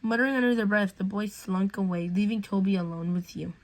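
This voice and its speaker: A woman's voice: medium pitch, a little fast, poor audio. A woman reading a fan fiction story aloud in a casual way, with slips and restarts.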